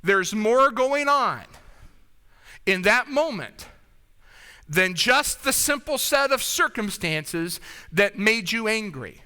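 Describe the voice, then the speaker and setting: A man preaching with a very high, very bright voice that is smooth and clear. He talks conversationally and keeps checking in with his congregation. A long reverb trails behind him in a church hall. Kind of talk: sermon. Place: church sanctuary.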